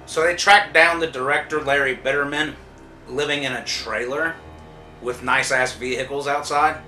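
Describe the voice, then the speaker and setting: Heard through a distant mic with roomy echo and faint music, a man reviews a TV episode in a casual spoiler recap. His medium-pitched, sharp voice moves at normal speed, telling the story loosely with lots of profanity and fillers like "like" and "uh."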